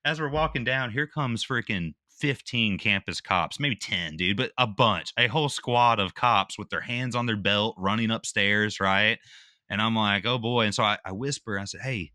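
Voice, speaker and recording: Male veteran guest, casual storyteller who acts out quotes; bright forceful tone, dry close recording. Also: on the low side, normal speed, no echo. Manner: animated retelling, acts out quotes, slangy with "dude" and "bro".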